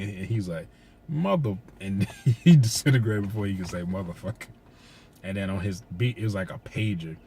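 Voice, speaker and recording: A man with a very low voice tells a movie's story in a loose, rambling way. He swears freely and gets worked up as he retells the big moments. A faint background hum sits under his voice. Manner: rambling, profane, excitable retelling. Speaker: movie reviewer. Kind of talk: casual spoiler recap.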